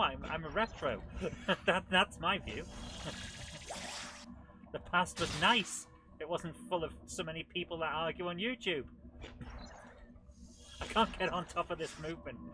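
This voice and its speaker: A man hosting a retro gaming show, giving chatty, excitable commentary while he plays. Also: a little high, moderate pace, background noise. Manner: chatty and excitable, with frequent laughs and exclamations. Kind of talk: live gameplay commentary.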